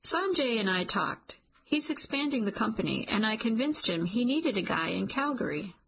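A woman's voice: on the high side, very animated, moderate pace, vocal fry, slightly rough, voice pushed up, exaggerated voice. A woman voicing a teasing, earnest young man. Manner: gently teasing, sincere.

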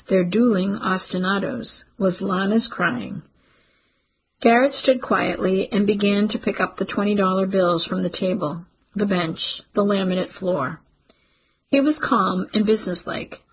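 A woman narrating a literary story in a steady audiobook reading. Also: mid-range voice, slight background noise, poor audio.

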